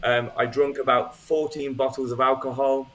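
Man telling his life story, relaxed. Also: medium pitch, moderate pace. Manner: conversational with frequent ums and restarts. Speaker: guest speaker. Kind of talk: personal testimony, casual storytelling.

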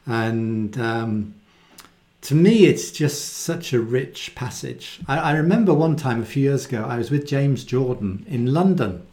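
Animated man teaching the Bible. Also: medium pitch, measured pace. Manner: animated, acts out quoted voices, laughs often.

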